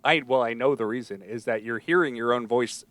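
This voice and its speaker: A man hosting a podcast in casual chat, with a nasal voice and a halting way of talking. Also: medium pitch, fairly bright tone, dry recording. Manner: halting, with many restarts and fillers. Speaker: podcast host.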